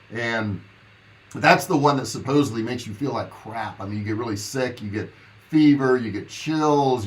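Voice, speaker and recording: A man with a rough morning throat talks casually to his livestream viewers from his home office. He rambles in a friendly way, full of fillers and asides to the audience, at a middle pitch. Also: poor audio. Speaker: online business coach hosting a live Q&A.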